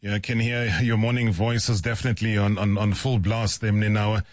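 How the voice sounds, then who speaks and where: Brisk male radio sports host, dry studio. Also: on the low side, flat delivery, dry recording. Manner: brisk, conversational, some fillers. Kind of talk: radio sports talk interview.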